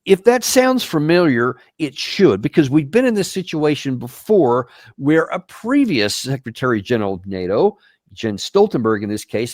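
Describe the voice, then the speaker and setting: A man's voice: on the high side, a little mellow, no room sound, studio quality. A man hosting a show, giving emphatic, incredulous commentary on news clips. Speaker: host and military commentator.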